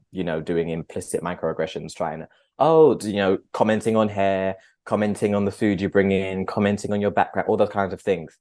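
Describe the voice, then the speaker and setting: A man's voice: low voice, a little mellow. A man, a podcast guest, talking earnestly and reflectively in a conversational interview, with frequent fillers. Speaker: podcast guest, agency founder.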